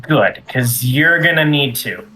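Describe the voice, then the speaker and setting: A man speaking in character at a tabletop game, breezy and smooth-talking, with a lively, swooping voice. A faint hiss sits under him. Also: mid-range voice, measured pace, poor audio. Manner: breezy, persuasive, drawling. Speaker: player. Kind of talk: in-character tabletop role-play.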